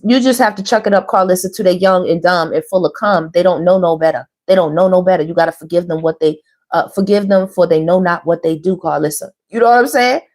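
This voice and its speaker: A middle-aged woman, a tarot reader talking casually and animatedly to her viewers and calling them baby and girl. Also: fairly low pitch. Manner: chatty and animated, calls listeners baby and girl, laughs often.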